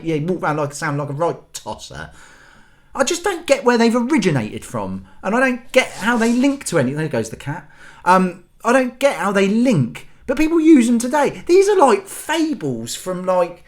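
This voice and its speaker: A man's voice: high-pitched, huge pitch swings, normal speed. A man hosting his own channel, ranting in an exasperated, sweary, rambling way. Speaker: channel host. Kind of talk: ranting vlog monologue.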